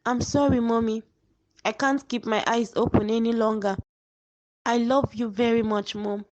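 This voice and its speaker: A woman's voice: a little high, steady tone, darkish tone, no room sound, highs cut off, natural voice. A woman voicing a dying young woman in a cartoon drama, weak and remorseful, speaking faintly. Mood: weak tender. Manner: faint, slow farewells.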